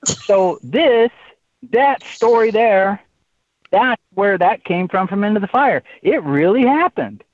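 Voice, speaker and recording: A man's voice: high-pitched, animated, slow, no echo. A man who is an author, telling a rambling anecdote in an interview and often saying "you know". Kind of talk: storytelling in an interview. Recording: tinny phone-like line.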